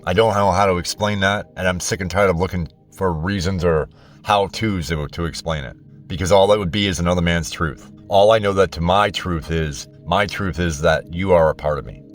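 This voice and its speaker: A man's voice: low voice, moderate pace, faint music behind. A man hosting his own channel, delivering an impassioned, blunt spiritual monologue straight to his viewers. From United States. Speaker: channel host.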